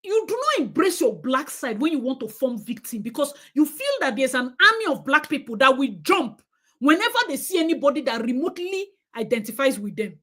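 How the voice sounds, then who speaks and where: A woman's voice: sits high, sing-song, a little fast, fairly bright tone. A woman from Nigeria with a Nigerian accent, hosting a live stream and giving emphatic, opinionated commentary to her viewers, slipping into Nigerian Pidgin.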